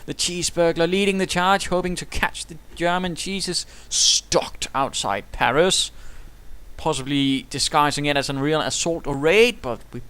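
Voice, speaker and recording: A man's voice: a little high, a little slow, bright, forceful tone, smooth. A man giving playful, theatrical commentary over a strategy game replay, full of whimsical asides. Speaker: caster.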